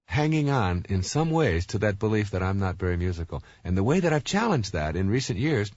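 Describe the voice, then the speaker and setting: A deep-voiced man in his fifties gives a motivational talk, his pitch swinging widely as he tells stories. He stumbles over repeated words and fillers. The recording is dry and dull, with a lo-fi sound. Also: big pitch swings, a little fast, darkish tone, no room sound. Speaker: motivational speaker.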